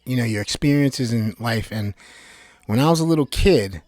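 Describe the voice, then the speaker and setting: A man from New Jersey giving an animated, rambling personal monologue, swearing freely. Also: mid-range voice, moderate pace, no room sound. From Bayonne, New Jersey. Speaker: vlogger.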